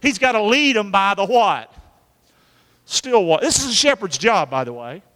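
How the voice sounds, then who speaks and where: Animated preacher in an echoey church. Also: male voice, high-pitched, normal speed. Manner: folksy, calls out to the congregation, acts out quotes. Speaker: pastor. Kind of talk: sermon. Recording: echoey hall.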